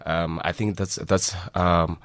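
A man's voice: deep voice, level tone, slow, fairly bright tone, dry recording. A South African man, head of operations for a restaurant, talking earnestly in a radio studio. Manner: earnest, many "you know" fillers.

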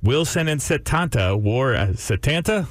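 A man's voice: medium pitch, very animated, normal speed, dry recording. A man co-hosting a morning radio show in the studio, joking and stumbling over his words in casual banter.

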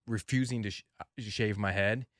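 A man's voice: lowish voice, fairly even intonation, normal speed, no echo, clean studio sound. A man co-hosting a casual talk show, joking, laughing often and restarting his sentences. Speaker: co-host. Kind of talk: casual banter.

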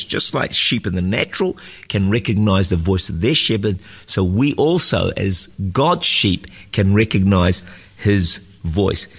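A man's voice: fairly low pitch, creaky, a bit bright, breathy edge, big-room sound. A man preaching an earnest devotional sermon as a pastor, reading scripture and teaching emphatically.

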